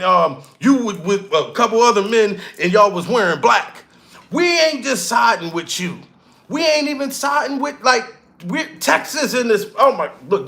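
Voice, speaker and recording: A man hosting a livestream, ranting loudly and excitedly, swearing and shouting out to viewers in the chat. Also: extremely high pitch, vocal fry. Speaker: livestream commentator. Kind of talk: profane livestream rant.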